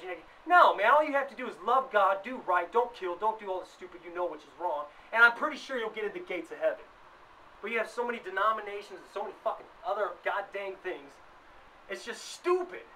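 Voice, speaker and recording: A worked-up man delivering a profane comedic rant, his high, bright voice jumping into loud bursts. He sits back from the mic, and a faint noise runs under the recording. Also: brisk, distant mic, rough recording. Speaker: vlogger.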